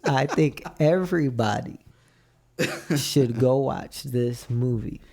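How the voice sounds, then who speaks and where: A young man on a podcast, talking slowly in a gravelly, dark voice. He tells his story in a relaxed, drawn-out way and slips into quoted lines as he goes. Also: mid-range voice. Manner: laid-back, drawn-out storytelling with acted-out quotes. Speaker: podcast co-host. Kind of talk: casual chat.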